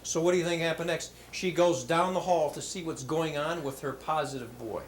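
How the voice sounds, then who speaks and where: A man giving a motivational talk to schoolchildren, telling jokes in an animated, hammy storytelling manner in a school hall. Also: fairly high pitch, brisk. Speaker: motivational speaker. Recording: roomy hall with faint background noise.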